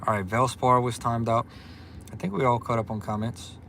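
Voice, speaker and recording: A man's voice: mid-range voice, steady tone, moderate pace, vocal fry, bright, forceful tone, a little hiss or hum. A man hosting a casual livestream, chatty and upbeat as he reads viewer comments and greets people by name. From Louisiana. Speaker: livestream host.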